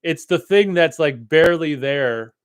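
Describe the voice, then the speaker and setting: A man's voice: fairly high pitch, expressive, measured pace, clear, resonant tone. A man from the Midwest co-hosting a casual podcast chat, easygoing and stumbling a little on his starts. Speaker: podcast co-host.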